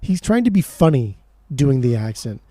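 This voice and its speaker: Excitable, foul-mouthed man, mellow voice. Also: medium pitch, dry recording. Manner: excitable, swears a lot, fast bursts. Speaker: podcast co-host. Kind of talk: casual chat about music.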